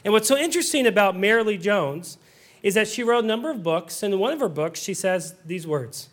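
A man with a strikingly high voice preaches a sermon. He delivers it earnestly and breaks in now and then with light joking asides. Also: animated, fairly quick, a bit bright. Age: adult. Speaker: pastor.

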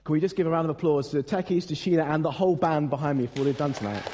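A man's voice: on the high side, racing, crowd noise, noisy background. Chatty young man preaching. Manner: chatty, self-mocking storytelling with frequent fillers. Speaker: pastor. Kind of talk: Christmas carol service sermon. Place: church service.

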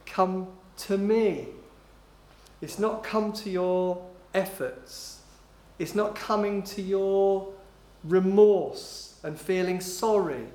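A male preacher with a high voice delivers a sermon with emphasis. He stretches out key phrases and sinks low and soft for quotes. The sound carries a roomy echo from a church hall. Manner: emphatic, slowing down on key phrases, dropping low and quiet when quoting.

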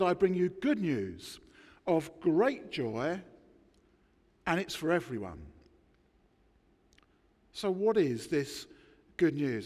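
A man preaching a sermon, emphatic, with dramatic pauses between words. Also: high voice, a little mellow, big-room sound. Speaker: pastor. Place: church.

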